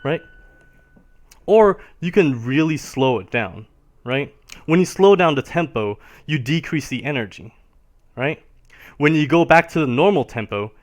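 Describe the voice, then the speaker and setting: Man teaching piano, "right?" after every line. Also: mid-range voice. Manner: explains patiently, ends nearly every phrase with a questioning "right?". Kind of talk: live-streamed music lesson.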